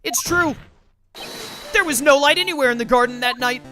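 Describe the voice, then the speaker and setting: A woman's voice: high voice, normal speed, a bit bright, pitched above the performer's own voice. A woman reading the lines of an earnest young male defense lawyer, pressing a witness with questions. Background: game music.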